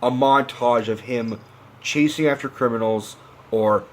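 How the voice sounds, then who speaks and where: A young man in a mid-pitched voice, ranting hard about a movie. He swears freely and sounds exasperated, and now and then he slips into a mocking impression of a character before snapping back to his own voice. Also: measured pace. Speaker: film review vlogger.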